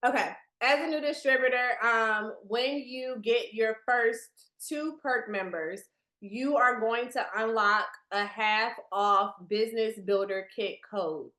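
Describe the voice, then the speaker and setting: A woman's voice: a little high, slow, pushed and bright, reverberant. A woman leading a business training presentation on a video call for new team members, chatty and speaking straight to her listeners. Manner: chatty, addresses the audience directly.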